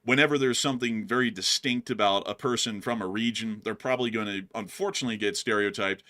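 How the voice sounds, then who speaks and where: Man, light Southern accent, host, rambling chat, fast, bright, lowish voice. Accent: light Southern American. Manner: rambling, conversational, addresses "folks" and "y'all". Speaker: news channel host. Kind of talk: casual talk reading viewer comments.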